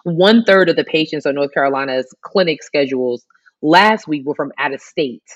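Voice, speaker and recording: A woman's voice: sits low, normal speed. A woman co-hosting a casual podcast, chatting about the news with many restarts and fillers. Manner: chatty, lots of likes and restarts. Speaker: podcast co-host. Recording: dull lo-fi sound.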